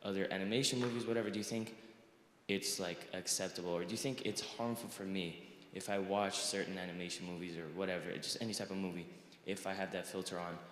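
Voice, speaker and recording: Man, student, deep voice, hesitant rambling question, roomy hall with faint hiss. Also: steady tone, fast. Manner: rambling, hesitant, many fillers.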